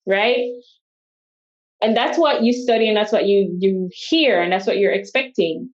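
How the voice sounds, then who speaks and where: Animated woman telling travel stories. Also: medium pitch, normal speed, muffled recording. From Jamaica. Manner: animated storyteller who acts out quoted speech. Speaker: guest, solo travel coach. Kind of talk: casual interview chat.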